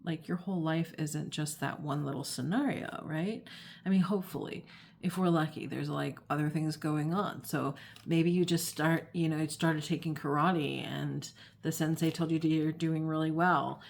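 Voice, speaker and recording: A woman with a slightly low voice talks casually to her viewers about feelings and reactions. She fills her speech with "like" and "um". She slips into quick acted-out voices of other people as she explains. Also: fairly even intonation, vocal fry, slight background noise. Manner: chatty, many fillers, acts out quoted voices. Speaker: astrology and tarot channel host. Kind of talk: casual explanatory talk to camera.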